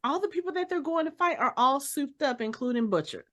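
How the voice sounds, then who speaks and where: Animated woman recapping a TV episode. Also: sits high, fairly quick. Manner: animated storyteller, acts out scenes in quotes. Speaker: podcast co-host. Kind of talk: casual TV recap chat.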